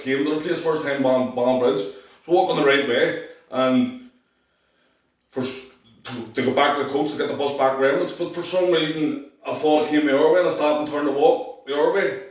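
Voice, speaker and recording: A man's voice: medium pitch, very echoey, distant mic, poor audio. Belfast man rambling through a testimony. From Northern Ireland. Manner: rambling, restarts often, acts out quoted voices. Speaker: testimony speaker. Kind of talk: personal testimony.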